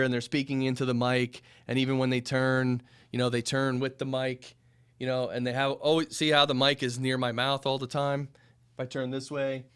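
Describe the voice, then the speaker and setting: A studio owner with a smooth, slightly bright mid-range voice walks through microphone technique in a loose, rambling talk to camera, full of fillers and restarts. He speaks into a studio mic a few inches away, sometimes drifting toward it or pulling far off, and the recording is dry.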